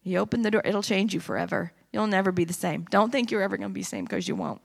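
Gravelly-voiced woman preaching in church. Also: medium pitch, rapid-fire. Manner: impassioned, rising to emphatic preaching. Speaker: church speaker. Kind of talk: sermon testimony. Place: church sanctuary.

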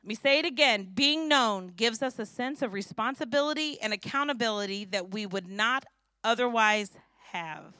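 A woman in her fifties from St. Louis preaching a sermon, lively and joking, often asking the crowd questions. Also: fairly high pitch, normal speed, no room sound, studio quality. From St. Louis, USA. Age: 50s. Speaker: preacher and kindergarten teacher.

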